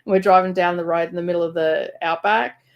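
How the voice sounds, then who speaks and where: Animated Australian woman telling stories. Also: fairly low pitch, fast talker, highs cut off. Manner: animated storyteller, laughs often. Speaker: co-host of a live reading stream. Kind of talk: casual chat. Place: rural home library.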